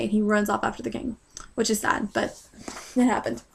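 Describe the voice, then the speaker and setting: A woman's voice: a little high, flat delivery, normal speed, gravelly, a little hiss or hum. Rambling young woman recapping a book. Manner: rambling, filler-heavy, sarcastic asides. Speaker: vlogger recapping a book chapter. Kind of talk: casual chat.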